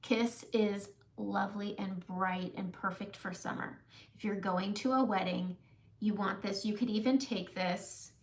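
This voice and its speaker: Casual female livestream host, gravelly edge, friendly shop-talk pace, greets the chat. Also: mid-range voice, steady tone, unhurried. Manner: chatty, greets viewers while applying makeup. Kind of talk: casual live makeup demo.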